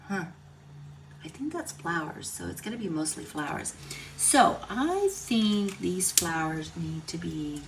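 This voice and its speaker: Gravelly woman teaching card crafts. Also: sits low. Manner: chatty, thinks aloud, soft laughs. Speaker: card-making instructor. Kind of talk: casual crafting tutorial. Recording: distant mic, noisy room.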